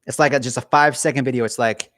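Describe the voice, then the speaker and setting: A male streamer talks loosely to his viewers, rambling from one joke to the next and poking fun at himself. He is cold and sits in a garage, and his mid-pitched voice sounds close and dry, with no room echo. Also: fairly even intonation, rapid-fire, a bit bright. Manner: rambling, jokey, self-mocking. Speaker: livestreamer. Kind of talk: casual livestream chat. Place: home garage.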